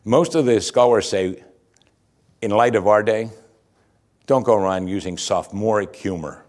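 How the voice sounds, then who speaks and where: A man with a somewhat low voice preaches a sermon. He talks in a lively, conversational way, chuckling at his own asides. Now and then he climbs to emphatic, raised peaks. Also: moderate pace. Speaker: pastor.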